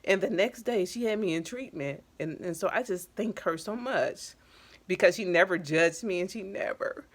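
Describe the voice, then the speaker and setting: Low-voiced woman, candid and emotional. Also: moderate pace. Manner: candid, emotional storytelling with casual slang. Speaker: addiction counselor. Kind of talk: personal vlog talk.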